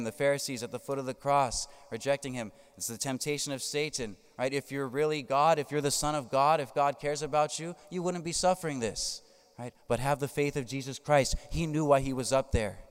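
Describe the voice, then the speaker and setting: Priest preaching in a reverberant hall. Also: male voice, mid-range voice, smooth. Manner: emphatic, tags points with "right?". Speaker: Catholic priest. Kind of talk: sermon.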